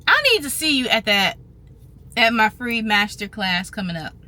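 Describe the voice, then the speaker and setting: A woman vlogging casually to her viewers, animated and chatty, repeating phrases for emphasis. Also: medium pitch, moderate pace. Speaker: vlogger on trading and finance. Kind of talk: casual talk to camera.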